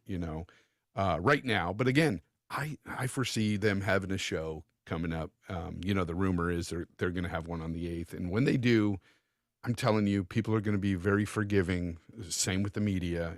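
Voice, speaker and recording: Low-voiced man chatting on a gaming podcast. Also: no echo, clean studio sound. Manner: rambling, repeats words, swears casually. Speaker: podcast co-host. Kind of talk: casual gaming podcast chat.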